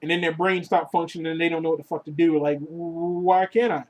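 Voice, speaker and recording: Crude, animated man ranting on a vlog. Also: a little high, racing. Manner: crude, profane, joking; animated, swings between loud and muttered asides. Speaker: vlogger. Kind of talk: casual rant to camera.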